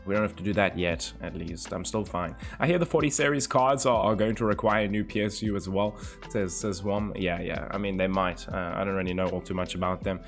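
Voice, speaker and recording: A man's voice: deep voice, steady tone, a little fast, creaky, soft background music. A young man streaming live, chatting casually and teasingly with his viewers and swearing freely. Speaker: livestreamer.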